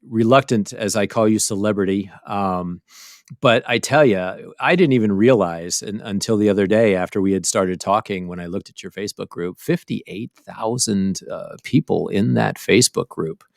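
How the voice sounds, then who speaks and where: A man hosts a podcast with a lowish, gravelly voice, asking long, rambling questions full of enthusiasm. The recording is dry and close, with no room sound. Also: moderate pace, no room sound. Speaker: podcast host. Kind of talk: casual interview chat.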